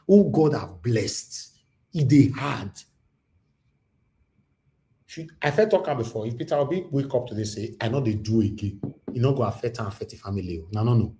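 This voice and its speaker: A man's voice: mid-range voice, a little mellow. A man with a Nigerian accent hosting a livestream, talking with passion and switching into Pidgin. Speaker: livestream host. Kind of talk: livestream commentary.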